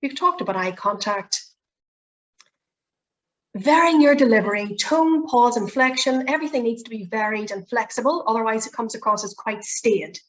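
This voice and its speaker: A woman's voice: a little high, expressive, normal speed, rough recording. A woman presentation skills trainer leading a workshop, chatty and encouraging with polite requests. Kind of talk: workshop teaching.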